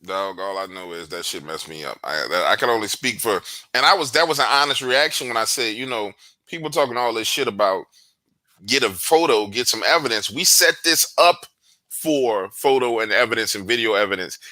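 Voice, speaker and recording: A man in casual conversation, telling stories in a slangy, profane, animated way. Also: lowish voice, brisk, dry recording. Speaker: guest investigator.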